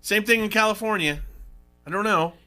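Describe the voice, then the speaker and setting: A man's voice: sits high, moderate pace, bright, forceful tone, clean tone, faint music behind. A middle-aged man hosting a sports talk radio show, in casual, rambling and indignant banter.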